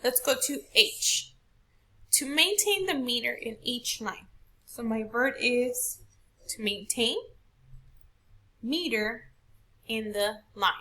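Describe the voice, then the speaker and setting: A woman's voice: on the high side, takes it slowly, long pauses, pushed and bright. A woman teacher walking a class through a poetry question, patient and step by step, asking rhetorical questions. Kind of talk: recorded classroom lesson.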